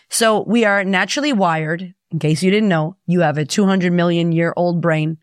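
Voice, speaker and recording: A woman's voice: lowish voice, moderate pace, hardly any pauses, no room sound. Profane upbeat woman confidence coach. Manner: energetic, profane, direct. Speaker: podcast host and confidence coach. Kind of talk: casual motivational podcast talk.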